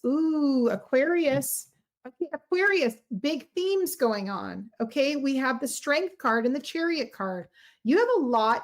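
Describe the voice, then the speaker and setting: A middle-aged woman giving a casual tarot reading on a livestream, chatty and effusive, speaking straight to her viewers. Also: high voice. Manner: chatty, warm, effusive, talks to viewers directly.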